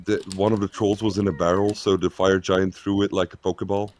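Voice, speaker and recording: Low voiced guy, joking around at the game table, laughs a lot. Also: little pitch movement, a little fast, darkish tone. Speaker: player. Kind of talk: casual chat.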